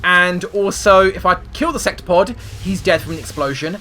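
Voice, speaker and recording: A man hosting a gaming video, swinging between loud swearing outbursts and rambling explanations as he plays. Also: high voice, moderate pace, soft background music. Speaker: gaming channel host. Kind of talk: excitable gameplay commentary.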